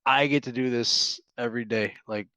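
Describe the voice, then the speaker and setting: A man's voice: mid-range voice, fairly even intonation, normal speed, sharp tone, no room sound, low-quality recording. A man co-hosting a podcast in casual chat, joking and laughing easily. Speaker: podcast co-host.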